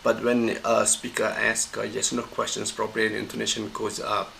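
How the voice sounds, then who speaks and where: A man, a university lecturer, giving a recorded pronunciation lesson, explaining slowly and methodically, repeating examples and correcting himself. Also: fairly low pitch, monotone, creaky, pushed and bright, a little hiss or hum, rough recording.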